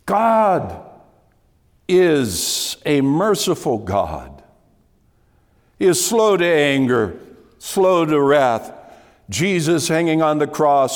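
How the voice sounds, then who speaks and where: A man preaching a sermon to his congregation in an emphatic way, repeating key phrases and dropping to a hush. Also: fairly high pitch, sing-song, takes it slowly. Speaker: pastor. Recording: long hall reverb.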